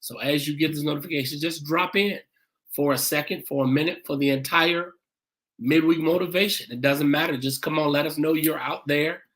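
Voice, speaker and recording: A pastor hosting a church livestream, greeting viewers by name and repeating "come on in" in a casual, welcoming way. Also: male voice, a little high, fairly even intonation, normal speed, a bit bright.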